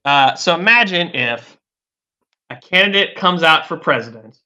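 A man's voice: on the high side, lively intonation, measured pace, bright, forceful tone, muffled recording. A man talking politics in a loose, rambling way, full of "like" and "uh", often restarting his sentences. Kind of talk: casual political chat.

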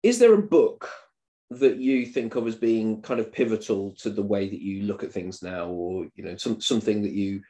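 Male host in his forties, low-pitched, meandering and hesitant. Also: moderate pace, warm tone. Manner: hesitant, rambling, many restarts. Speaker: podcast host. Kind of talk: casual podcast chat.

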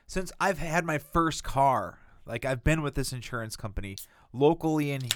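A man's voice: a little high, expressive, moderate pace, a little hiss or hum. A man telling a long, exasperated story in casual chat, swearing a lot and acting out the people he quotes.

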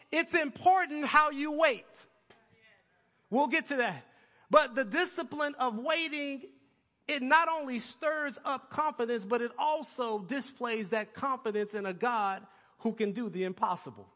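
Male pastor, high and bright, preaching with call-and-response, big reverberant church hall. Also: moderate pace. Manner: call-and-response preaching, building to excited peaks. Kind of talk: sermon.

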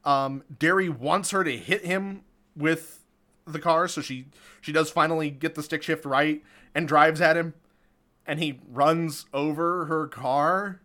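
A man's voice: on the high side, unhurried, pushed and bright. A man casually recapping a movie on a podcast, chatty and amused, laughing often. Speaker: podcast co-host recapping a film. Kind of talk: casual chat.

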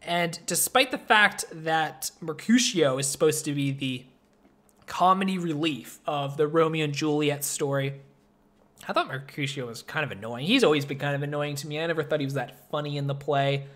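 Animated man chatting about a film. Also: on the high side, normal speed. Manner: animated, laughs often, acts out scenes. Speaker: podcast co-host. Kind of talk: casual film review chat.

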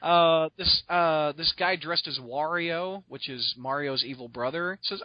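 A man hosting a podcast, telling stories in an excitable, rambling way full of restarts and laughs. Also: fairly high pitch, measured pace, few pauses, highs cut off. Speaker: podcast host. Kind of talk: casual storytelling chat.

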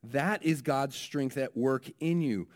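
A male pastor preaching a sermon in a relaxed, conversational way, often restarting his phrases. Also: medium pitch, slow.

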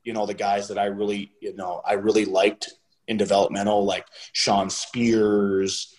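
Profane man telling a story, low voice. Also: normal speed, low-quality recording. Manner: profane, animated when quoting others. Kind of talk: casual storytelling.

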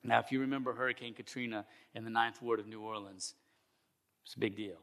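Storytelling pastor preaching. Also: male voice, on the low side, brisk, vocal fry. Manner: storytelling with acted voices, animated and comic. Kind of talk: sermon.

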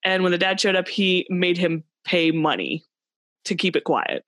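A woman's voice: fairly low pitch, expressive, moderate pace, fairly bright tone, no room sound. A young woman hosting a casual chat, running a quiz and telling stories while laughing through them. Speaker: podcast host.

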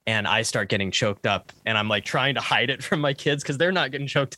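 A man's voice: mid-range voice, fairly quick, hardly any pauses, bright, forceful tone. A man hosting a podcast in casual chat, laughing often and restarting his sentences. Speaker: podcast host. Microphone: remote call over the internet.

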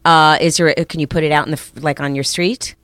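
A woman guest, an actress, giving brisk, practical advice in a casual interview chat. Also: deep voice, steady tone, a bit bright, dry recording.

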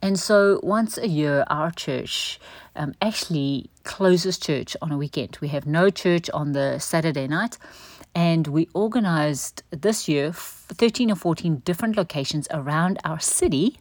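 A woman tells a candid personal story in a low voice. She often checks in with a quick "right?". The sound is dry and close, with no room. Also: animated, no room sound. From South Africa. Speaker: church member sharing a testimony. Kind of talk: personal testimony talk.

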